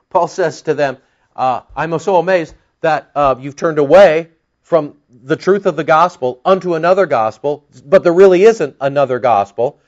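A man preaching an expository Bible-teaching sermon in a conversational, wry way, with sarcastic asides and emphatic bursts. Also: fairly high pitch. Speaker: pastor. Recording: dull lo-fi sound.

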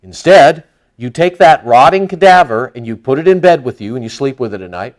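A man giving a conversational Bible teaching, asking his listeners rhetorical questions and reading scripture aloud louder and slower. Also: mid-range voice, expressive.

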